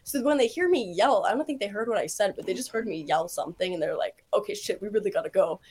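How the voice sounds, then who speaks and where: A woman's voice: medium pitch, animated, quick pace, a little mellow, a little hiss or hum. A young woman telling a story as a podcast guest, rambling with lots of likes and ums and laughing as she goes. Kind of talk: casual storytelling chat.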